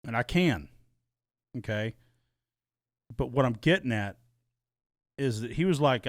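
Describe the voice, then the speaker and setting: A man's voice: medium pitch, animated, a little slow, pauses often, dry recording, studio quality. A man co-hosting a podcast, telling a heated personal story in casual, profane chat and re-enacting arguments. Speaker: podcast co-host.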